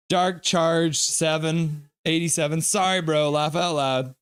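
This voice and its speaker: A middle-aged man hosts a live stream reacting to a hockey game, playfully reading viewer comments aloud and breaking into quick play-by-play. His fairly high-pitched voice holds a steady, clean tone, recorded in studio quality with no echo.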